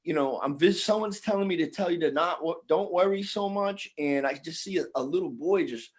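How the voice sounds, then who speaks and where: A man on a video call telling a heartfelt personal story, soft-spoken and reflective, often restarting his sentences. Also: fairly high pitch, fairly quick, husky.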